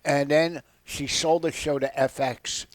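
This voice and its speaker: A man's voice: on the high side, fairly even intonation, unhurried, no room sound. A man, a comedian, telling stories in a casual radio talk and laughing often. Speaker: guest comedian.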